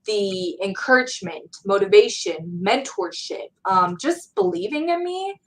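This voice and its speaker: Young woman, interview guest, gravelly edge, earnest motivational tone. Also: mid-range voice, expressive, unhurried, low-quality recording. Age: young adult. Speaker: guest speaker. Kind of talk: casual interview chat.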